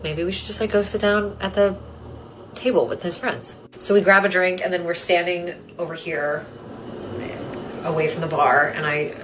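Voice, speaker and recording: Young woman, casual vlog, low-ish voice, chatty, giggly, faint music. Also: fairly even intonation, moderate pace, a bit bright, rough recording. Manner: chatty, giggly, filler-heavy.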